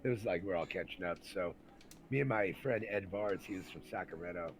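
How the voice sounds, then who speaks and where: In a rough recording with slight background noise, a low-pitched man talks briskly about his army days. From Santa Rosa, California, he tells rowdy stories casually and profanely, leaning on fillers and acting out the people involved.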